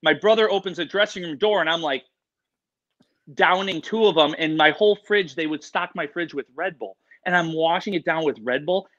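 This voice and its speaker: Bright, excitable man telling stories. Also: a little high, moderate pace. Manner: excitable, rambling, lots of fillers and quoted voices. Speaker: guest, animal expert. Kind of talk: excited storytelling in casual interview. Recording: dull lo-fi sound.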